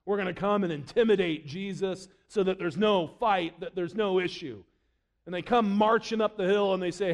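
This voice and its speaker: High-voiced man preaching with drama. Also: normal speed, gravelly. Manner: dramatic, drops low and quiet to quote scripture, rises for emphasis. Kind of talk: sermon.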